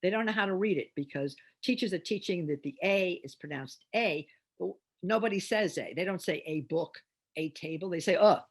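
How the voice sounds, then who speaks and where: An older woman, a reading teacher, giving an instructional demonstration and sounding out phonemes slowly and deliberately. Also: on the low side, breathy edge.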